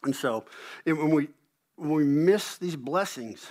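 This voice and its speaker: A middle-aged man preaching a sermon as pastor, an animated storyteller who pokes fun at himself and repeats words when he gets going. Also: a little high, unhurried. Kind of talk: sermon with personal stories.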